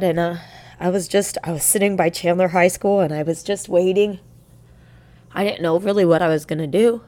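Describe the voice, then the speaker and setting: A young woman telling a personal story in a halting, emotional way, close to tears at times. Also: mid-range voice, a little mellow. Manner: halting, emotional, with many restarts.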